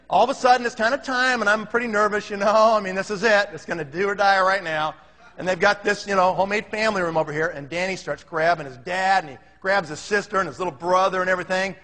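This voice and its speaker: A man telling a comic story in an animated way, acting out the other people's voices. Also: high-pitched. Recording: long reverb in a hall.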